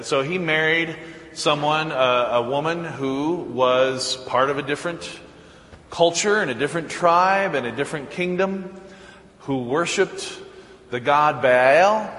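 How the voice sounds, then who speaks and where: A man's voice: mid-range voice, fairly bright tone. A man preaching as pastor, retelling a story in a casual, joking way with asides. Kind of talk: storytelling sermon. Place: church sanctuary. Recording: echoey church with long reverb.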